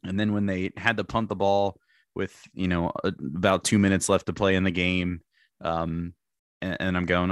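A young man back on a podcast, chatting casually about football, animated and laughing, with frequent restarts. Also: low voice, normal speed, clear, resonant tone, no room sound, clean studio sound. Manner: animated, restarts often, laughs while talking. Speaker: podcast co-host. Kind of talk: casual sports chat.

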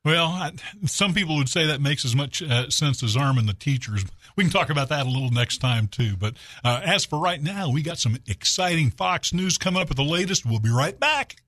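A man's voice: a little high, animated, brisk, few pauses, fairly bright tone, no room sound. A man filling in as a radio talk show host, chatty and folksy, telling jokes between segments in a studio. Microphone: studio mic.

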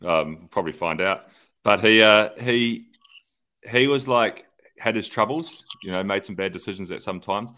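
A New man, a former cyclist, chatting casually and reacting in quick bursts on a podcast. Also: fairly low pitch, pushed and bright. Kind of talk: casual chat.

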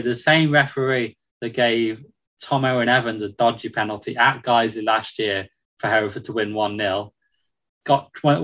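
Guy rambling about a match, lots of ums, laughs a lot, mid-pitched voice. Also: fairly bright tone, rough recording. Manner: chatty, many ums and restarts, laughs often. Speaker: football reporter. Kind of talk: casual podcast chat.

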